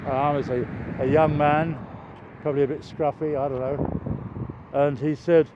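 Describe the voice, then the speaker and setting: An older man vlogging on an outdoor walk, chatty and meandering, with bursts of excitement. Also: a little high, normal speed. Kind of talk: rambling walking vlog. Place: outdoors near a railway. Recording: dull lo-fi outdoor recording with traffic noise.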